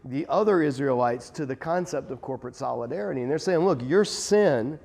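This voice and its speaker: A man leads a Bible lesson in an animated, emphatic teaching voice of ordinary pitch. He talks conversationally and pokes fun at himself along the way. His voice rings out in a room with a long reverb tail. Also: fast, creaky. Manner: animated and emphatic, with self-deprecating asides.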